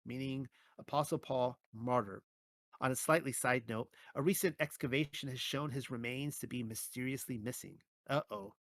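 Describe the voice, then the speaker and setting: A man's voice: mid-range voice, a bit bright, no echo. Man reading with wry asides, dry sound. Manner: occasional stumbles and "uh" fillers. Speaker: bible teacher. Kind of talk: reading his own article aloud.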